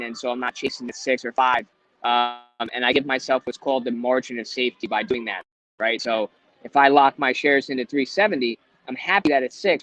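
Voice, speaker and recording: A male guest trader who lays out his reasoning step by step, measured and steady, with plenty of "uh" and "you know" along the way. His voice sits at a middling pitch and sounds dry, with no room echo. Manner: measured, explanatory, with hedging fillers. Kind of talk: casual interview chat.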